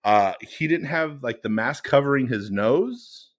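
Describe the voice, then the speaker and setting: A man co-hosting a podcast, telling a story in a casual, animated way and laughing along. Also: mid-range voice, measured pace. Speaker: podcast co-host.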